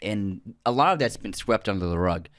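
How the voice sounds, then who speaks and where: A man's voice: fairly low pitch, expressive, brisk, a bit bright, no echo. A man co-hosting a podcast in casual chat, earnest and thinking aloud with frequent restarts. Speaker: podcast co-host.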